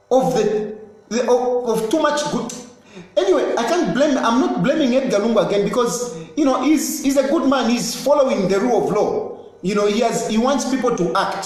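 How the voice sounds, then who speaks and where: Emphatic high-voiced man, echoey room. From Zambia. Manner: insistent, repetitive, emphatic. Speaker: politician. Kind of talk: impassioned political statement.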